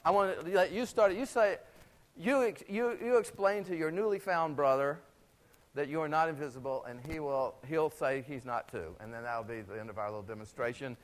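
A middle-aged man giving a lively, chatty stage talk with a demonstration, wearing a clip-on mic before a live audience. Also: on the high side, fairly quick. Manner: animated, chatty, full of asides. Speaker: theater lecturer. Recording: faint crowd and room noise.

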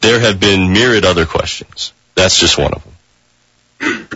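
Low husky man, halting radio guest. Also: pushed and bright, no room sound, highs cut off. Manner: halting, many fillers and restarts. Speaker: reporter guest. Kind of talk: radio interview.

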